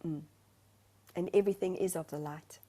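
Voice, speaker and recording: A woman's voice: on the low side, steady tone, normal speed, mellow. A woman from South Africa, a spiritual medium, talking earnestly over a video call and searching for her words. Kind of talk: heartfelt conversational sharing.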